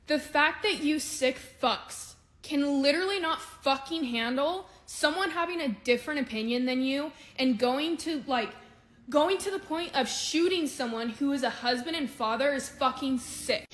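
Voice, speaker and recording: A woman's voice: high-pitched, fairly bright tone. A woman in an enraged reaction video, swearing and shaky with fury.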